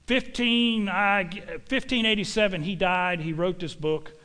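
A man with a fairly high voice for his sex, preaching in a church. He speaks in a folksy, emphatic way and leans on homespun sayings to drive each point home to his congregation. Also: steady tone, measured pace, sharp tone, clean tone. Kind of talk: sermon.

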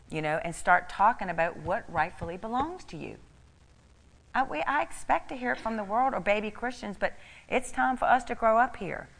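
A woman's voice: mid-range voice, a bit bright, big-room sound. A middle-aged woman preaching a sermon, emphatic and repeating key phrases for stress.

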